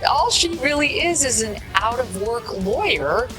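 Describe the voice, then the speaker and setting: A woman's voice: on the high side, very animated, measured pace, music in the background, poor audio. A woman talk show host chatting in a scornful, joking manner. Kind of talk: casual chat.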